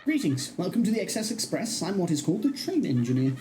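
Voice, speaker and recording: A man's voice: sits high, very animated, fast, mellow, far from the mic, a little hiss or hum, voice pushed up. A man voicing a pompous, grandiose male train engineer making a welcome announcement.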